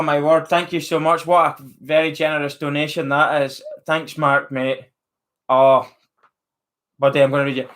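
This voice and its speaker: A mid-range, flat-sounding man from Northern Ireland speaks at a moderate pace, his accent clear. Hosting a live stream, he chats in a casual, friendly way, reading viewer comments and naming those who wrote them.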